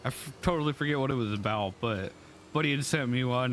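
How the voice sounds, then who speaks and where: A man's voice: mid-range voice, fast talker, a bit bright, slight background noise. A tired, sick man co-hosting a laid-back gaming chat, laughing often. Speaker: gaming video co-host.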